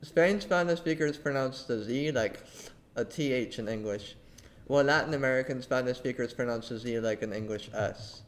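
Measured man explaining as a guest. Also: medium pitch, a little hiss or hum. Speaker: podcast guest, Spanish tutor. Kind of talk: reading prepared answers.

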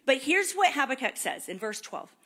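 A woman preaching a sermon, animated and conversational, acting out prayers and questions to God. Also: high voice, moderate pace. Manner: animated, acts out prayers and voices in quotes.

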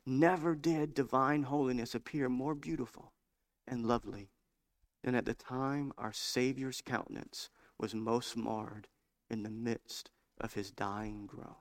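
A male preacher delivering a sermon in a mid-pitched voice. He tells stories and builds into fervent, emphatic preaching. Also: steady tone, a little slow.

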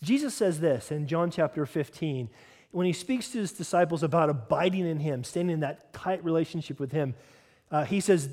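A man's voice: fairly high pitch, expressive, moderate pace, darkish tone. A man preaching a sermon as a pastor, moving between earnest teaching and casual conversational asides. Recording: long hall reverb.

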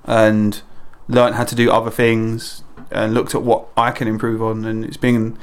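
A man's voice: on the low side, monotone, unhurried, clean tone. A man on a podcast talking casually and a little hesitantly about his season. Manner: hesitant, rambling. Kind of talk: casual chat.

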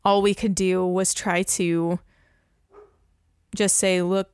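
A young woman in casual podcast chat, an animated storyteller who laughs often. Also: on the low side, slow, clean tone, no echo, studio quality.

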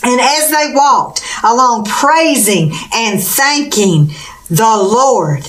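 A woman preacher delivers a fervent sermon in a bright, somewhat high voice. She exclaims often and asks rhetorical questions as she preaches. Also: lively intonation, slow pace.

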